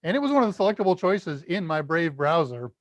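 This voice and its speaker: A man's voice: a little high, very animated, fast, no room sound, highs cut off. A man from the United States hosting a casual live Q&A stream, chatty and self-deprecating, reading out viewer comments and laughing at his own jokes. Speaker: livestream Q&A host.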